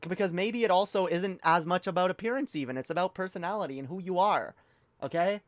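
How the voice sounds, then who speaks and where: A woman's voice: lowish voice, quick pace, dry recording. A woman streaming a reaction video, ranting heatedly and profanely with frequent restarts. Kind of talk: livestream rant.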